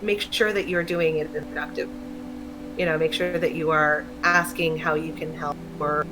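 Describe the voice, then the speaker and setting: A woman's voice: deep voice, steady tone, normal speed, music in the background, rough recording. A woman talking candidly in a casual chat, rambling and laughing often. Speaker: stream co-host.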